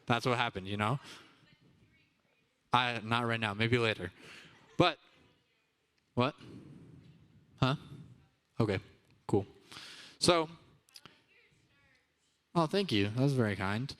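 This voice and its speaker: A young man with a medium-pitched, slightly bright, smooth voice teaches a children's church lesson, speaking slowly with long pauses. In a church kids' room with a live audience, this upbeat kids' ministry teacher delivers a youth sermon, constantly asking the children questions.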